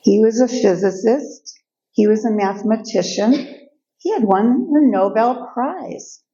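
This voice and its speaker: A woman's voice: fairly high pitch, unhurried, dull audio. Older woman telling her life story. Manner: lively storytelling, acts out quoted voices. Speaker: guest speaker. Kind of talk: personal storytelling talk. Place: event room.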